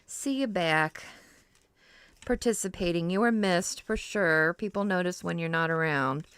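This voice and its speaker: A woman's voice: on the low side, measured pace, a bit bright, clear, resonant tone, dry recording. A middle-aged woman hosting a crafting livestream, chatting casually and rambling with fillers as she works. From Ohio, US. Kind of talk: casual chat while crafting.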